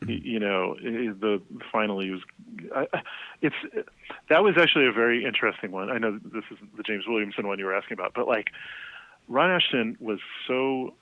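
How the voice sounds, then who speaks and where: A man, a music writer and guest, telling anecdotes over the phone in a rambling, animated way, full of fillers. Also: fairly low pitch, brisk, dry recording. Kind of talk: casual phone conversation. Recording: tinny phone line.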